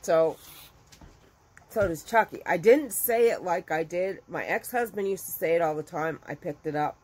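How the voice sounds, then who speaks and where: A middle-aged woman with a slightly low-pitched voice chats casually with her viewers. She tells stories with lots of animation and acts out what other people said, jumping up sharply in pitch. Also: normal speed, slightly rough, rough recording. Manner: chatty and animated, acting out quotes with big jumps in pitch. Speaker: crochet business owner and video host.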